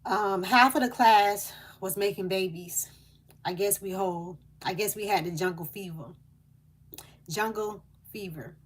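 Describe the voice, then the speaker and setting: A woman's voice: medium pitch, measured pace. A woman speaking, delivering a channeled spiritual message in an earnest, emotional way with hesitant fillers.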